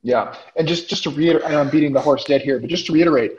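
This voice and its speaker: A man with a fairly high voice explains training ideas over a video call, tagging his points with "right?". His audio is dull and muffled, with a faint hiss underneath. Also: very fast. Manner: explanatory, keeps asking "right?". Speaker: co-host. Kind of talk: casual webinar chat.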